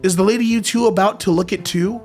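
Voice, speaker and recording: A man's voice: high voice, steady tone, fast talker, darkish tone, soft background music. A young man reading funny posts aloud and reacting with jokey, mock-confused commentary.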